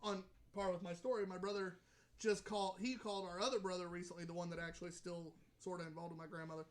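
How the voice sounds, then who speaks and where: A man's voice: high voice, steady tone, fast talker. Man telling a story on a podcast. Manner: storytelling, swearing, laughing often. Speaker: podcast co-host. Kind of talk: casual chat.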